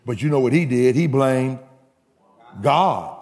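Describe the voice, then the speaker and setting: A man preaching a sermon in an animated, humorous way that builds to shouted crescendos. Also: mid-range voice, takes it slowly, pauses often, big-room sound.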